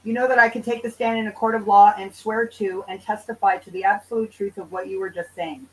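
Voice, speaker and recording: A woman's voice: mid-range voice, fairly even intonation, brisk, far from the mic, low-quality recording. A woman hosting a livestream in casual chat, answering viewers' comments in a loose, profane, bantering way. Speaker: livestream host.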